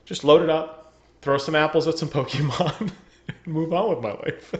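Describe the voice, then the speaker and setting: A man's voice: fairly high pitch, normal speed. A man chatting casually on a gaming podcast over a remote call, joking and laughing often. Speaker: podcast co-host.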